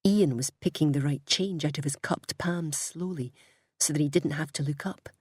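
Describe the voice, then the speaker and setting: A woman reading a story aloud in a calm, unhurried narration. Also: low voice, husky, no room sound, studio quality. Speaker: audiobook reader.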